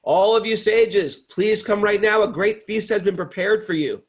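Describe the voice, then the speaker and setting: A man voicing a strong male warrior who calls out loudly to a crowd. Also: high-pitched, normal speed, pitched above the performer's own voice, close to an everyday voice. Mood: urgent. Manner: calling out loudly.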